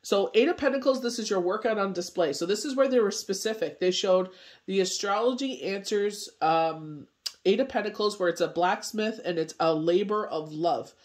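High-voiced man giving a rambling tarot forecast. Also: normal speed. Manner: rambling, loose delivery full of "you know" fillers. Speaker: tarot reader and medium. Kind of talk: casual spoken tarot forecast.

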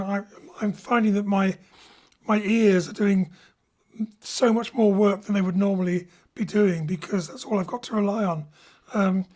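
A man who directs theatre, talking casually and thoughtfully from a home studio over a remote link, pausing often to find his words. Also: high voice, darkish tone. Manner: thoughtful, halting, searches for words. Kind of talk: casual chat about rehearsing remotely. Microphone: remote link over the internet.

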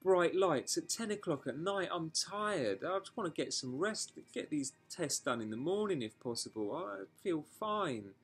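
A man's voice: on the high side, expressive, moderate pace, few pauses, breathy edge. Frank, sweary man vlogging. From England. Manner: frank, emotional, swears freely, talks in rambling restarts. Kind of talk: candid personal storytelling vlog.

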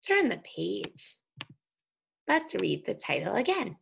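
A woman teaching an early reading lesson, speaking slowly and sounding out letters for young children. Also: mid-range voice, huge pitch swings, creaky, fairly bright tone, a little hiss or hum. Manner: slow, sing-song, sounding out letters.

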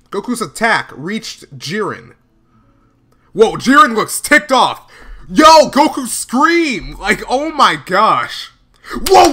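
A man commenting live on a show as he watches it, talking casually with lots of slang and breaking into loud exclamations. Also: high voice. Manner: excitable, bursting into exclamations and laughs; slangy, casual filler talk. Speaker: reaction video host.

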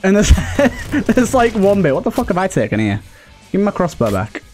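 Chuckling young British gamer, fairly high voice. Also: male voice, big pitch swings, a little fast, a little mellow, soft background music. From United Kingdom. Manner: rambling, chuckling often, lots of fillers and swearing. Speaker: let's play host. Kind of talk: casual gameplay commentary and storytelling.

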